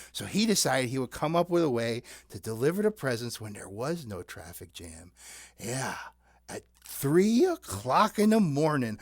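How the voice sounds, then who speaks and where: A puppet show host telling silly stories and singing rhymes in an animated, teasing way, recorded in a basement. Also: medium pitch, no room sound. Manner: animated, sing-song, teasing with the audience. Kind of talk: playful puppet storytelling.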